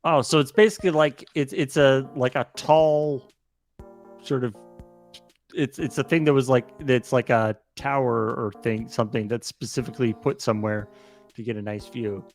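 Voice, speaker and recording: A man's voice: medium pitch, steady tone, normal speed, soft background music. A man co-hosting a casual stream, musing aloud in a hesitant way with frequent uhs. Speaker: stream co-host. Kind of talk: casual chat.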